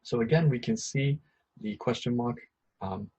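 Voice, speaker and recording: A man's voice: medium pitch, normal speed, a little mellow, breathy edge, highs cut off. A man teaching an English grammar lesson, patiently repeating each point with a few ums and uhs.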